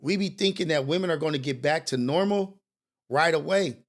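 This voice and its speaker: A young man hosts a morning show, his voice sitting a little high for a man. He talks in a loose, animated, sermon-like way, full of slang and blunt cursing, and often turns to confessing his own past. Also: fairly quick. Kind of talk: casual commentary monologue.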